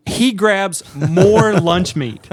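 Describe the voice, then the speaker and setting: Animated storytelling man, Southern drawl. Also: high voice, extremely slow, breathy edge, no room sound. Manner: animated, laughing, acts out quotes. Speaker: podcast co-host. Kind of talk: casual storytelling chat.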